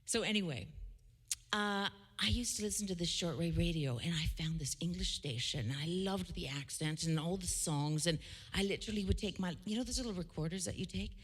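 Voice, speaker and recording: A Canadian singer-songwriter with a lowish, fairly quick voice and a breathy edge tells stories between songs. She's chatty and casual, often restarting her sentences.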